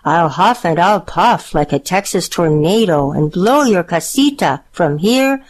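A blustering male wolf villain who huffs and demands to be let in, pompous and quick to yelp, as a woman reading aloud plays him. His voice sits higher than an everyday reading voice. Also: lively intonation. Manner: bellowing, yelping.

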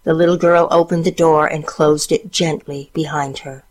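Woman reading a fairy tale calmly. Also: low-pitched, measured pace. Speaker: storyteller. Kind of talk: storybook narration.

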